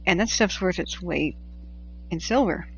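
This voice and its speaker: A woman's voice: lowish voice, a little slow, gravelly, dull audio, a little hiss or hum. A woman from the Pacific Northwest hosting a casual livestream, chatting, laughing often and reading viewer messages aloud. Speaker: livestream host tracking wildfires.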